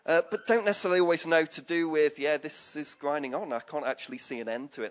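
A man preaching a conversational sermon, chatty and jokey, with lots of asides. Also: a little high.

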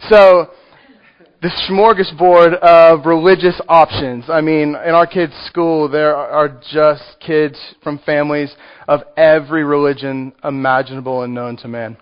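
Texan preacher with a higher voice. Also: male voice, fairly even intonation, measured pace, clear, resonant tone. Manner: conversational, joking asides to the congregation. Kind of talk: sermon. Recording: muffled lo-fi recording.

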